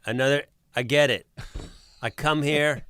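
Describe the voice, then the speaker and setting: A man co-hosting a podcast, telling jokey, animated stories with mock outrage. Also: on the high side, unhurried, clear, resonant tone, no echo. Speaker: podcast co-host. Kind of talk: casual podcast chat.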